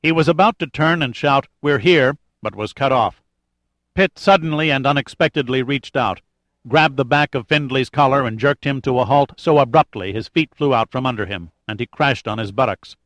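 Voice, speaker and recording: A man narrating an adventure audiobook in a steady, measured way with light drama. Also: mid-range voice, dry recording. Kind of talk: scripted narration.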